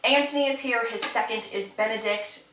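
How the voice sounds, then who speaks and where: A woman's voice: a little high, moderate pace, fairly bright tone, recorded from a distance. A young woman giving a chatty, casual plot recap with sarcastic asides. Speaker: book reviewer. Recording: roomy, slightly off-mic.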